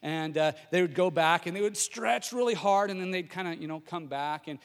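A middle-aged pastor with a high voice delivers a sermon through a personal story. He tells it in a lively way and often stumbles and restarts his sentences. His voice carries a long reverb from a large hall. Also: fairly quick.

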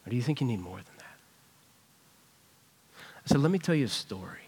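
A man's voice: medium pitch, big pitch swings, brisk, darkish tone, husky. A man preaching a sermon in a church, conversational and earnest as he retells a personal story. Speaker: pastor. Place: church sanctuary.

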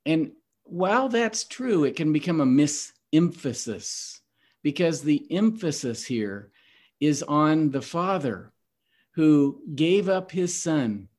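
A man's voice: on the high side, darkish tone. A man hosting a Bible teaching podcast, earnest and emphatic in a preacherly way. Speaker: host.

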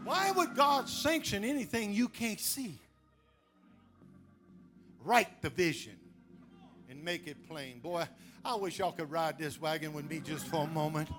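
Preacher, male, emphatic, slightly high voice, music playing behind. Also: expressive, a little slow, long pauses. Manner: emphatic preaching with call-and-response. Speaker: pastor. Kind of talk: sermon. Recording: preaching over loud music.

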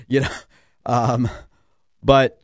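Animated male radio host, dry mic. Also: medium pitch, dry recording. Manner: animated, acts out dialogues with mock voices, laughs often. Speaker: radio talk show host. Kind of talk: casual radio talk.

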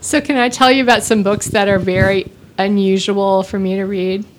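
A woman's voice: medium pitch, fairly even intonation, moderate pace, slight background noise. A woman from Texas with a light Texan drawl, chatting casually on a podcast and laughing often. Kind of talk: casual chat.

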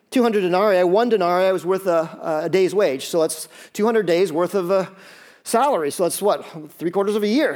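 A man preaching a sermon in a lively, conversational way, with quick asides and acted-out quotes. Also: sits high. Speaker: pastor.

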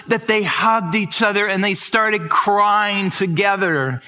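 A man preaching a sermon, acting out scripture quotes with sudden rises and soft drops. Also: unhurried, hardly any pauses. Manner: dramatic, acts out quotes with rising pitch and stretched words. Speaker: pastor.

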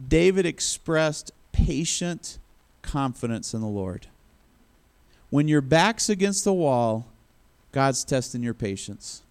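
A man's voice: medium pitch, darkish tone, clean tone. A male preacher giving a sermon in a conversational storytelling manner. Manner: conversational storytelling, acts out quotes.

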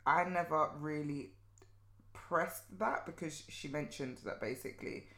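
Woman co-host, lower voice, animated, mimics others, laughs a lot. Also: a little slow. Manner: animated storyteller, mimics people, laughs often. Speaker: podcast co-host. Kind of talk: casual chat.

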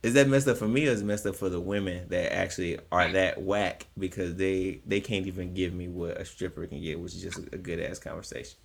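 Gravelly-voiced man in lively podcast banter. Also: low voice, a little fast, few pauses. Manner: animated storytelling, acts out quoted voices. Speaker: podcast co-host. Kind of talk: casual comedic chat.

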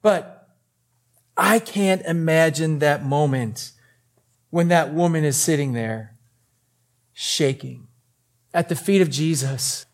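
A man's voice: on the high side, slow, long pauses. A man preaching a sermon, telling the story in a casual, conversational way and acting out the voices of the people in it. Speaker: pastor.

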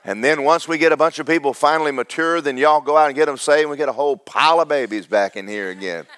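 A man, pastor of a church, preaching a sermon with big swings between loud, fervent highs and low, joking asides to the congregation. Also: fast. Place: church sanctuary.

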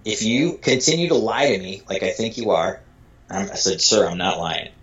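A man from Michigan telling a casual story with animated delivery, acting out dialogue and swearing freely. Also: on the low side, moderate pace. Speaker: storyteller guest. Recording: dull lo-fi sound.

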